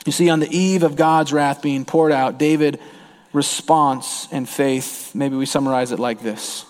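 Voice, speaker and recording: A man's voice: mid-range voice, fairly even intonation, a little slow, darkish tone, long reverb tail. A man preaching a sermon as a pastor, earnest, with his voice rising and falling for emphasis.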